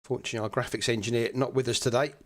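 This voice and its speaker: A man's voice: medium pitch, very fast. Chatty sim racing commentator, a man. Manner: chatty, relaxed, many fillers. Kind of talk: live race commentary.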